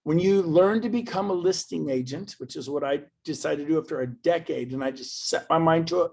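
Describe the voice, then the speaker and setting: A man speaking to an event audience as a motivational speaker, emphatic and swinging from loud bursts to quiet asides. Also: fairly high pitch, a little fast, creaky, few pauses, slightly rough.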